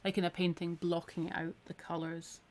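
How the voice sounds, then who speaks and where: Her voice lowish and a little mellow, this Scottish woman speaks at a moderate pace with flat delivery over slight background noise. She's live-streaming a needle felting tutorial, chatting encouragingly as she works, sounding a touch worn from a week of talking.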